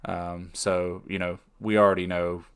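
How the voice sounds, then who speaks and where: A man co-hosts a relaxed podcast conversation. His voice sits very low, and he talks in an even, unhurried way. He keeps reaching for ums and uhs as he thinks aloud. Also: clear, resonant tone. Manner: measured, with many fillers. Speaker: podcast co-host. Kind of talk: casual chat.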